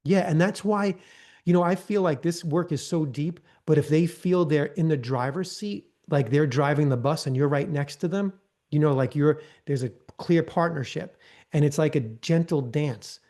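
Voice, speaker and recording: Mellow-voiced man teaching a live training. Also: on the high side, moderate pace. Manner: conversational, often tags lines with "right?"; acts out gentle counselor prompts in a softer voice. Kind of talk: live online training talk.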